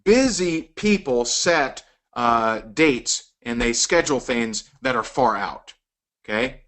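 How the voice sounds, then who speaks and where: A man's voice: mid-range voice, animated, slow pace, a bit bright. A middle-aged man giving an emphatic sales training lecture, acting out the lines he quotes.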